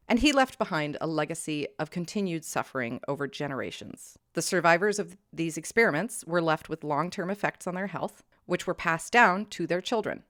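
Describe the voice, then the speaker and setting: A woman with a lowish voice presents her research on a podcast, reading steadily from notes. She breaks into sharp outrage at the injustices she describes. The sound is dry and close. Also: dry recording. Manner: reads prepared notes, flares into heated outrage. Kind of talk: scripted history podcast with casual banter.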